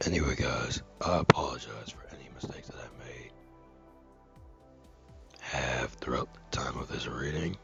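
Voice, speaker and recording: A man's voice: very deep voice, unhurried, creaky, pauses often, a bit bright, highs cut off, faint music behind. A man earnestly reading a viewer comment aloud, carefully and with dramatic stresses.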